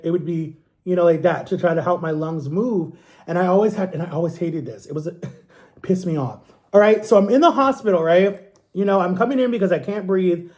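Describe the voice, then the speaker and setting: Man, 30s, high mellow voice, casual animated storyteller for a vlog. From Ohio, USA. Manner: animated, acts out quotes in a higher voice. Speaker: vlogger.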